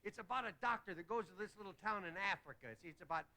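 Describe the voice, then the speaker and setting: A man delivering a stand-up comedy monologue as host, telling rapid jokes and slipping into quick character voices. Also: high voice, sharp tone. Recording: hissy old 1960s television broadcast.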